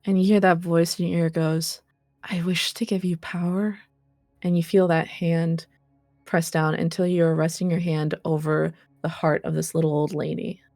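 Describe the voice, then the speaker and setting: Low, gravelly woman game master. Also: little pitch movement, moderate pace, mellow, no echo, clean studio sound, faint music behind. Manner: hesitant, full of fillers. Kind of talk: narrating a tabletop game.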